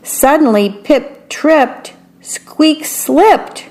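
A woman's voice: medium pitch, fairly even intonation, slow pace, darkish tone. A woman reading a picture book aloud, stopping to comment on what each picture shows. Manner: adds chatty commentary on the pictures. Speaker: story reader.

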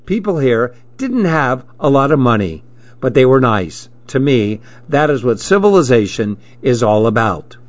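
A man narrating a story in a measured, steady reading voice, in a dull lo-fi recording. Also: mid-range voice, dry recording.

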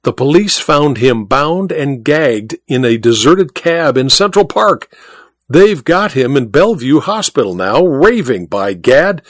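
A man doing an excitable, insistent gentleman. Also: mid-range voice, a little slow, dry recording, clean studio sound. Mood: excited. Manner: excited, urgent.

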